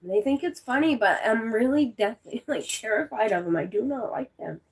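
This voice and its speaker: A woman's voice: fairly high pitch, animated, moderate pace, slight background noise. A woman in her forties from the United States, chatting casually on a live stream, rambling through stories and answering viewers' comments. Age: 40s.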